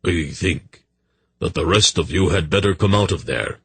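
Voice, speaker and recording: A man voicing a polite, calculating army captain who speaks with smooth courtesy. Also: low voice, moderate pace, a bit bright, dry recording, full character voice. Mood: coaxing.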